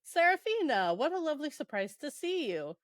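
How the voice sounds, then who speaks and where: A woman's voice: mid-range voice, very animated, normal speed, no echo, clean studio sound, natural voice. A woman voicing a smug, scheming male god in a playful, mocking way while retelling a book.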